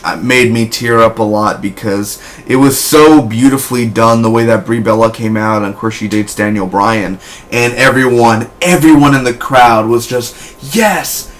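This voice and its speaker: A young man giving a casual, rambling spoken review, with frequent restarts and fillers. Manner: rambling, restarts often, bursts into loud high woo shouts. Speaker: wrestling reviewer.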